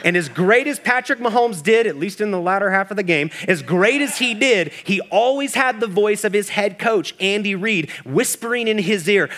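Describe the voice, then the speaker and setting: A man's voice: high voice, lively intonation, moderate pace, few pauses, bright, forceful tone. A middle-aged man from Kansas City preaching a sermon with passion, often slipping into the voices of Jesus and of inner doubts. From Kansas City, United States. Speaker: pastor.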